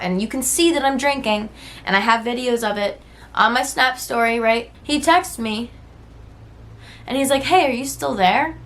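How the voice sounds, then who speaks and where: A woman's voice: mid-range voice, a bit bright. A woman in her twenties telling a personal story to camera in a casual, rambling way, full of "like" and "right?" tags. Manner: rambling, heavy use of "like" and "right?"; earnest, candid.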